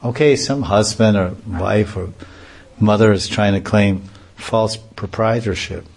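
A man's voice: fairly low pitch, unhurried, creaky. A man giving a devotional talk, telling humorous anecdotes and often chuckling. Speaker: devotional preacher. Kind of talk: lecture with acted anecdotes.

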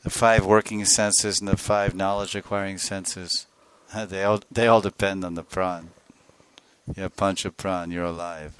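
A man giving a devotional sermon as a spiritual teacher, telling a sacred story with soft laughs and acting out the voices of its figures. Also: low voice, little pitch movement, a little slow, smooth. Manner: laughs softly between phrases.

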